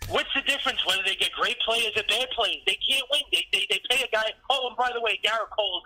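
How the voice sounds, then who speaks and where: Bright, fast-ranting man on a phone line. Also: high-pitched. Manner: ranting, repetitive, venting loudly. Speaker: podcast co-host. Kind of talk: heated sports talk.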